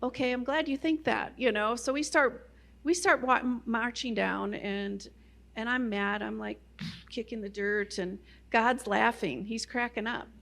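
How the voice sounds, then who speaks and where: A woman's voice: a little high, measured pace, creaky, fairly bright tone. A middle-aged woman giving a personal testimony talk to a Christian audience, telling her story in a loose, conversational way with many "you know" fillers. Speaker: guest speaker at a Christian ministry.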